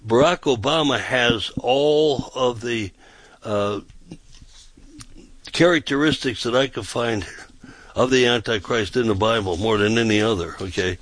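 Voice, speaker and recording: This is a man, a pastor, giving conversational Bible teaching on a talk show. He rambles, repeats himself and keeps checking in with his listener. His voice is mid-pitched and sounds dry, with no room echo. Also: fairly bright tone. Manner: rambling and repetitive, often checking with "okay?".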